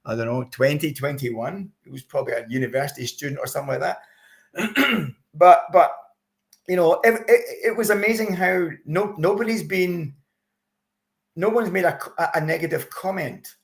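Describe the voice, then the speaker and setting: Gravelly-voiced man chatting as a guest. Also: on the high side, normal speed. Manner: chatty, animated when recounting reactions, many restarts. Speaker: interview guest, expat campaigner. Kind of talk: casual interview chat. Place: lives in Australia.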